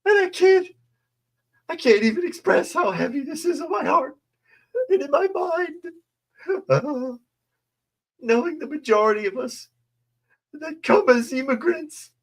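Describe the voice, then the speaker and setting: Weepy woman council member, high blubbering falsetto, overwrought, as a man mocks her. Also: lively intonation, takes it slowly, long pauses, exaggerated voice.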